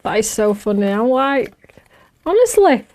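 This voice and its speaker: A woman's voice: a little high, very animated, measured pace, a little mellow. A middle-aged woman, chatting and laughing as she hosts a craft show while she works. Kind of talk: casual chat while crafting.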